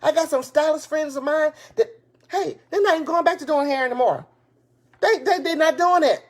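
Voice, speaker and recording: An excited woman preaching encouragement in a live-streamed motivational talk, recorded on a tablet. Her voice sits on the higher side, and she drives her points home by repeating them in casual, folksy phrasing. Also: moderate pace. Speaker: motivational speaker and business coach. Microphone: tablet device.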